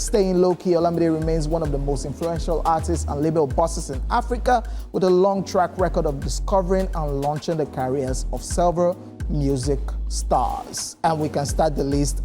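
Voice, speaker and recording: A Nigerian co-host reads entertainment news in a mellow, dark-toned voice. Faint music plays underneath, and the delivery is steady with dry asides. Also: mid-range voice. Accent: Nigerian English. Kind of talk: entertainment news reading and chat.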